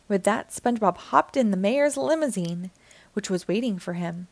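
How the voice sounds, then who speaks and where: A woman narrating a children's storybook aloud, with an expressive, clear delivery. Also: mid-range voice, moderate pace, dry recording. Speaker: children's book reader.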